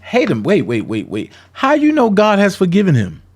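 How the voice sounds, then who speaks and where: A man's voice: high voice, wildly swooping pitch, moderate pace, darkish tone. A man giving confrontational, profane commentary, calling people out in a heated rant. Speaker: commentary vlogger.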